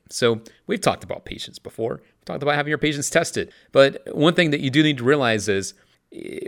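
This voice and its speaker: A man's voice: medium pitch, a bit bright. A man hosting his own podcast, talking in an upbeat, chatty and emphatic way about mindfulness. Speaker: podcast host. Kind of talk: casual motivational talk.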